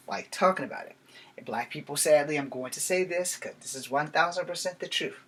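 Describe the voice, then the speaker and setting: A man's voice: fairly high pitch, fairly bright tone, husky. A man in his forties with an American accent, giving a rambling, self-deprecating vlog monologue. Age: 40s. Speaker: vlogger. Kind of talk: casual monologue to camera.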